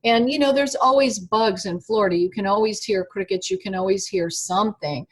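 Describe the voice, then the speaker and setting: A woman being interviewed over an internet call, telling a personal story in an animated, halting way with many fillers and restarts. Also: medium pitch, slightly rough. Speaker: interview guest.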